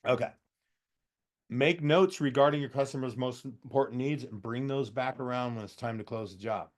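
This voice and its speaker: A man's voice: mid-range voice, normal speed. A man giving a loose, folksy training talk to contractors. He acts out bits of customer dialogue, and he has a slight cough. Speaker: trainer for heat pump contractors.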